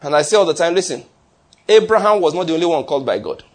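A man delivering a sermon, pressing his points hard and circling back to repeat key lines for emphasis. His voice sits a touch high and has a husky edge, and he trips over a word now and then. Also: lively intonation, fast talker. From not from the United States. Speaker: preacher.

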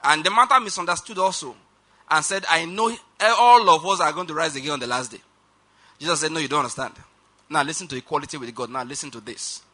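Male preacher, high and very bright voice, emphatic sermon delivery, drawn-out scripture reading, quick asides to the congregation. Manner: emphatic, slows down for quoted scripture; rushed asides, calls on congregation to repeat.

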